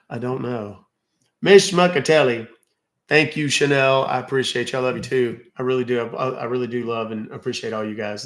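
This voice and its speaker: Southern guy hosting a livestream, easygoing chat, lots of uhs and ums, mid-pitched, kinda roomy echo. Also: a bit bright. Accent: Southern American. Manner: chatty, drawling, many fillers. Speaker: livestream host. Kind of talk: casual livestream chat reading comments.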